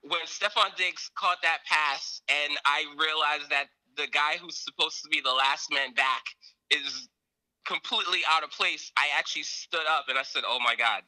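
Man, bright tense voice, slightly high, dry close sound, casual sports chat, rambling, animated. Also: normal speed, no echo, rough recording. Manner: rambling, animated retelling with many fillers. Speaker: sports podcast co-host.

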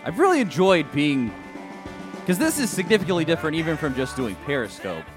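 Lively man co-hosting sports talk. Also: fairly high pitch, brisk, music in the background. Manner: animated, stumbles and restarts, laughs easily. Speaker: sports radio co-host. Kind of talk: casual sports chat.

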